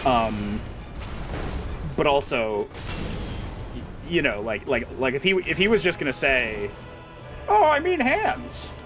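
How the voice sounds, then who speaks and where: Male streamer, casual rambling chat, wry and profane, mid-pitched voice, game music playing. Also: expressive, a little slow, long pauses. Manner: rambling, profane, wry humor with many fillers. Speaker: livestreamer reading chat.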